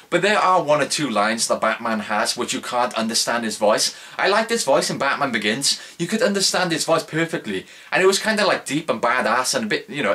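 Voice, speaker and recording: A man's voice: mid-range voice, bright, forceful tone. A young man giving a casual spoken movie review, rambling, with lots of filler words and restarts.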